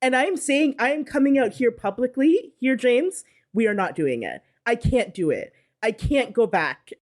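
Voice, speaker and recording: A woman's voice: on the high side, animated, moderate pace. A woman co-hosting a podcast in casual chat, emphatic and playfully dramatic. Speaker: podcast co-host.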